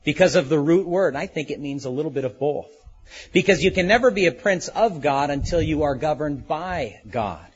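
A male pastor delivering an expository sermon, earnest and unhurried, dwelling slowly on key words. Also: on the high side, expressive, muffled recording.

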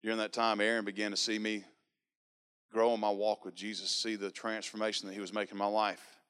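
A man's voice: fairly low pitch, a little fast, clear, resonant tone. A man in his thirties sharing his personal faith testimony in an earnest storytelling manner. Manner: earnest, storytelling, animated quoting. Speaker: speaker giving a testimony.

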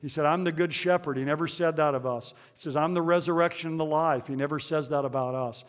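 A man preaching a conversational sermon to his congregation, pausing with fillers and restarting phrases. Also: a little high, steady tone, big-room sound. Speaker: pastor.

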